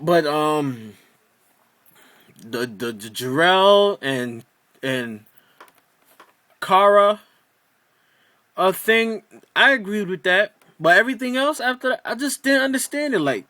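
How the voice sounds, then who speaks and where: A man's voice: high-pitched, big pitch swings, slow pace, pauses often, sharp tone, no room sound. A man ranting in a casual video review of a TV episode, exasperated and profane, rambling with many restarts.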